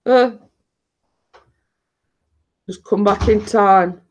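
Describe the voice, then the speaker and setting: A woman's voice: mid-range voice, very slow, darkish tone. A woman with a northern English accent chatting casually on a live stream, rambling and laughing often.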